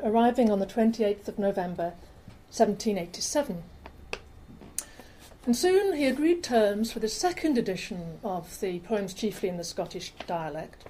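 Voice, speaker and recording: A woman giving a public lecture with slides, chatty, with fillers and quick self-corrections, in a lecture room. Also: mid-range voice, warm tone, a little hiss or hum, poor audio. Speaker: lecturer on rare books.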